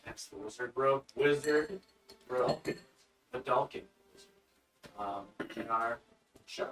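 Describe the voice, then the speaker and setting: A man player introduces himself in an offhand, joking way, with a bright, forward tone. He sounds set back from the mic in a roomy space. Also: medium pitch, steady tone, takes it slowly, far from the mic. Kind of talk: casual chat.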